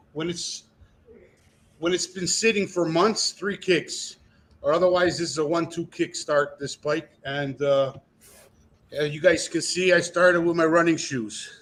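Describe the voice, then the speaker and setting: A man's voice: fairly high pitch, steady tone, a little slow, pauses often, fairly bright tone. A man chatting casually about a bike he restored, telling stories in a boastful, salty way. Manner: boastful storyteller, swears freely. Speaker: guest restoring dirt bikes. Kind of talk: casual chat on a live video call.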